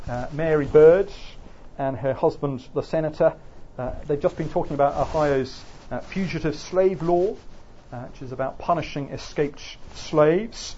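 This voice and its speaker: A male lecturer with an Oxford English accent talks through a classroom lesson. He hesitates often and fills his pauses. His voice sits a little higher than average, and the recording is slightly muffled. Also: mellow, slight background noise. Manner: hesitant, frequent fillers.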